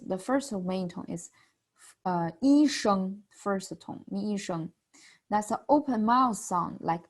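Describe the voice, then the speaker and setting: A woman teaching a beginner language lesson, patiently modeling sounds with drawn-out, exaggerated vowels. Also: mid-range voice.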